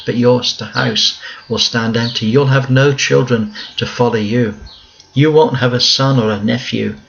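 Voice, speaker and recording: A man teaching a Bible lesson, reading verses aloud and then explaining them in plain conversational words, slow and emphatic. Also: fairly low pitch, fairly bright tone, dull audio.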